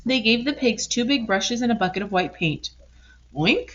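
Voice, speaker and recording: A woman reading a children's picture book aloud in an expressive, lively way. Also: a little high, a little fast, a little hiss or hum. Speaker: storybook reader. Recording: dull lo-fi recording.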